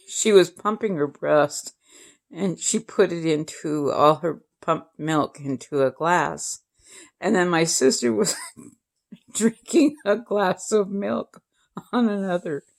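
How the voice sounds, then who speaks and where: This is a woman in her sixties with a low, gravelly voice. She talks slowly and casually to her viewers, chuckling often as she tells family anecdotes. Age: 60s. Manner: chatty, laughs often while telling family stories. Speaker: vlogger. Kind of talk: casual storytelling to camera.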